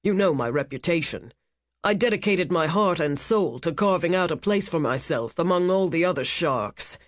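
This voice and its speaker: A narrator voicing a rich casino owner, a man who speaks with smooth, menacing charm. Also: medium pitch, expressive, normal speed, no echo, clean studio sound, natural voice. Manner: smooth, commanding, cutting. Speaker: cruise ship owner.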